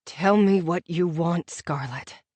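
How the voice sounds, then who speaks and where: A woman voicing a tender, earnest young man in love in an audiobook, speaking gently and pleadingly. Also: on the low side, unhurried, dry recording. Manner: gentle, soft-spoken, pleading. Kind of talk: audiobook character voice.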